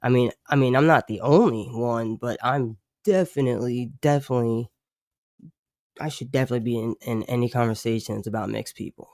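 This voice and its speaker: A man's voice: mid-range voice, a little fast, darkish tone, dry recording, studio quality. A man hosting a casual livestream chat, talking loosely with lots of fillers, swearing and chuckles. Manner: loose slangy talk, many "like" fillers, swearing; chuckles often between remarks. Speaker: livestream host.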